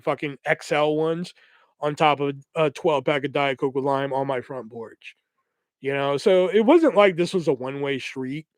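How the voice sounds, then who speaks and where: A young man tells a story on his podcast in loose, swear-heavy talk and acts out each quoted line. His voice sits a little higher than most men's. The recording is close and dry, with no room sound. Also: smooth, no room sound. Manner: profane, animated retelling with quoted voices. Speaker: podcast host. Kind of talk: casual storytelling.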